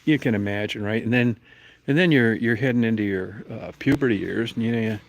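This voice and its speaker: A man's voice: on the low side, a little fast, no room sound. A middle-aged man telling a crude, rambling, profane story and acting out the people in it. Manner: profane, rambling, acts out quoted voices.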